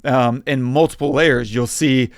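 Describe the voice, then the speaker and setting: A man co-hosting a film review podcast, speaking as a writer who builds his arguments piece by piece. His voice sits at an ordinary middle pitch. It is recorded dry and close, with no room echo. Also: steady tone, unhurried. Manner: methodical, builds points step by step. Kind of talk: casual film-analysis chat.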